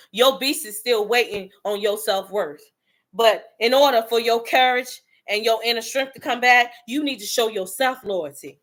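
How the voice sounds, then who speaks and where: A woman's voice: a little high, pushed and bright. A woman host delivering an impassioned motivational rant in a fiery, preachy manner. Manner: fiery, preachy, street-talking.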